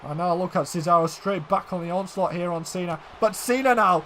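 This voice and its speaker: Calling a wrestling video game, this high-voiced man delivers brisk, nearly pause-free commentary, often yelling and hailing the audience as ladies and gentlemen. The recording is very noisy.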